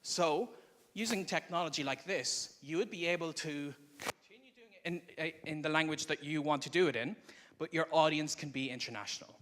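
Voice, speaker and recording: A man's voice: on the high side, moderate pace, noisy background. A man giving a live presentation to an audience at a conference, speaking into a microphone in a conversational, explanatory way. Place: conference room before an audience.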